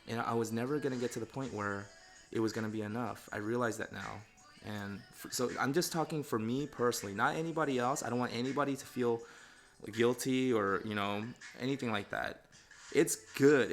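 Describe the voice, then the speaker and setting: A man's voice: medium pitch, fairly bright tone. Middle-aged guy on a casual livestream, candid and thoughtful, lots of "you know", medium voice. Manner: candid and reflective, many fillers like "you know". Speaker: pet groomer and channel host.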